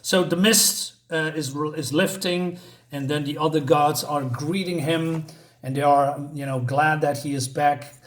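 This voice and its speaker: Guy chatting through a comic book, lots of ums, slightly high voice. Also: fairly even intonation, a little slow. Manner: hesitant, many fillers and restarts. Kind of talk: casual retelling of a comic.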